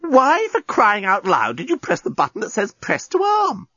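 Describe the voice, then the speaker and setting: A man voicing an impatient, curious young woman, speaking high and insistently. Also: wildly swooping pitch, normal speed, a bit bright, breathy edge, dry recording, lo-fi sound, heavily acted.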